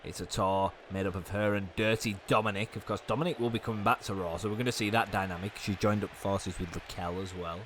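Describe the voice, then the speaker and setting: A young man with a hoarse, fading voice, giving fast, chatty commentary on a wrestling video game. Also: lowish voice, steady tone, fairly bright tone, slight background noise. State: hoarse, losing his voice. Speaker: gaming YouTuber.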